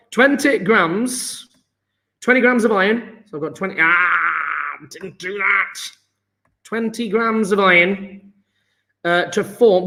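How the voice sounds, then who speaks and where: A man's voice: high voice, sharp tone. A male chemistry teacher giving a live online exam-prep lesson, working sums aloud in an upbeat, chatty way and praising his students.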